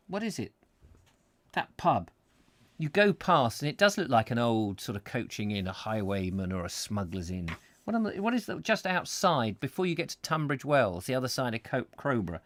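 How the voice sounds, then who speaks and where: A man's voice: medium pitch, no room sound. A man reading a travel book aloud live, breaking off for chatty, joking asides. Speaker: host and book reader.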